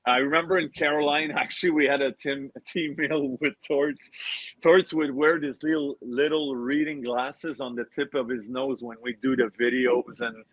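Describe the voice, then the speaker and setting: A man's voice: mid-range voice, fairly even intonation, moderate pace, fairly bright tone, no room sound, low-quality recording. A man in his forties, a former pro hockey player, telling laughing anecdotes as a podcast guest. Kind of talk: casual podcast storytelling.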